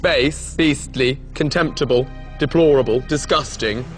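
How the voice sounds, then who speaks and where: A man's voice: mid-range voice, measured pace, faint music behind, lightly acted. An actor playing a smug male TV producer who speaks curtly. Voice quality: curt, insulting.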